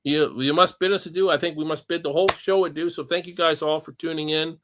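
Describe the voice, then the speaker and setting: A man's voice: fairly high pitch, fairly even intonation, fast, a bit bright, a little hiss or hum. A Canadian man hosting a casual livestream chat, rambling with frequent chuckles and restarts. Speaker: podcast host.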